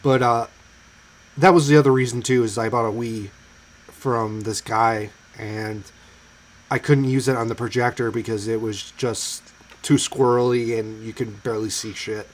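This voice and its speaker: A man of ordinary, mid-range pitch talks easily in a relaxed podcast conversation. He hesitates and restarts his sentences as he goes. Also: normal speed, poor audio. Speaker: podcast co-host. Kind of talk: casual chat.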